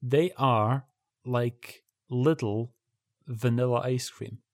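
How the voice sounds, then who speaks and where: A man with a middling, ordinary pitch talks in a loose, rambling way, often stopping and restarting a thought. His tone stays wry and casual throughout. The sound is dry and close to the mic. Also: slow pace, a little mellow, dry recording. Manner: rambling, self-interrupting, wry. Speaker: podcast co-host. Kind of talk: casual chat about old television.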